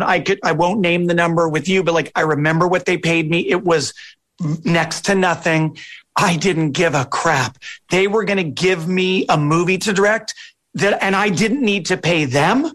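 A middle-aged man, a film director, answering interview questions in a relaxed, chatty, self-deprecating way. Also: a little high.

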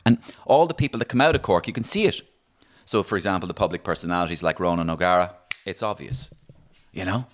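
Deep-voiced, animated Irish man. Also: fairly quick. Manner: animated, storytelling, many restarts. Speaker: comedian and impressionist, guest. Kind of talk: casual interview chat.

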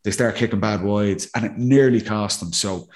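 A man's voice: on the low side, normal speed, a little hiss or hum. A man, a former player, analysing a match in casual podcast talk and acting out what players think. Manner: animated, acts out players' thinking.

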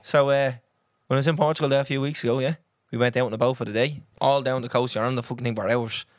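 A young Irish man co-hosting a podcast, telling a story in an animated, sweary, casual way. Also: mid-range voice, quick pace, dry recording, clean studio sound. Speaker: podcast co-host. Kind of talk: casual chat.

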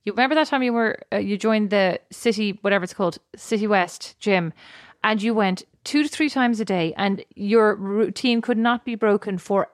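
An Irish woman co-hosting a podcast, teasing her sister and quick to interrupt in casual chat. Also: mid-range voice, no echo, clean studio sound. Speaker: podcast co-host.

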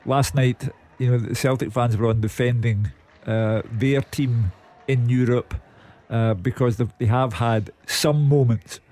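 Dry-humoured man with a mellow voice. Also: medium pitch, fairly even intonation, a little slow, few pauses. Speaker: radio football pundit. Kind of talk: casual football radio chat.

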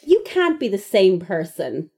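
A woman co-hosting a podcast, chatting casually and bluntly and chiming in with quick reactions. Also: mid-range voice, huge pitch swings, mellow, slightly rough. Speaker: podcast co-host. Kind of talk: casual chat.

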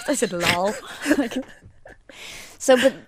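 A middle-aged Irish woman co-hosting a podcast, telling stories in an animated, chatty way. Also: fairly high pitch, takes it slowly, noisy background. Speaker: podcast co-host. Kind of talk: casual chat.

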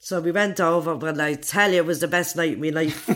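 A woman's voice: low-pitched, fairly even intonation, fairly quick, a bit bright. A woman in her forties with an Irish accent, bluntly telling her own life story in an interview and swearing freely. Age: 40s. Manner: blunt, swears freely, acts out others' lines.

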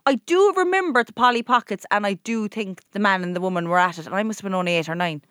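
Quick-talking Irish woman telling stories. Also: mid-range voice, smooth, no room sound, clean studio sound. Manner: rapid, animated anecdote-telling. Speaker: podcast co-host. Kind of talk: casual chat.

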